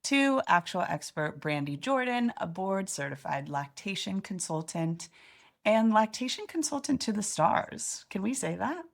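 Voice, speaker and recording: A woman's voice: mid-range voice, big pitch swings, measured pace, gravelly. A young woman co-hosting a podcast in casual chat, chatty and enthusiastic, often restarting her sentences. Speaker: podcast co-host.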